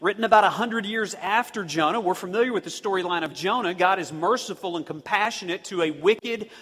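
A man preaching a sermon as pastor, with dynamic delivery that slows down to punch key words. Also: high voice, fairly bright tone, husky. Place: church sanctuary. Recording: long reverb of a church hall.

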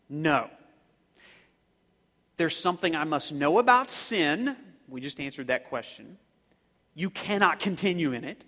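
A man preaching a sermon as pastor, animated, shouting some words for emphasis and slowing down to stress others. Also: on the high side, in a large hall.

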